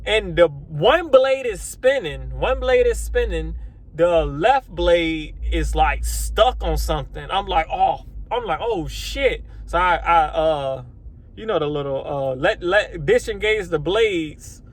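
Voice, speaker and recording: High-voiced man telling a rambling work story. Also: slow. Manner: animated, rambling, acts out his own reactions; swears then apologizes. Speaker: lawn care business owner. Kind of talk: casual vlog storytelling.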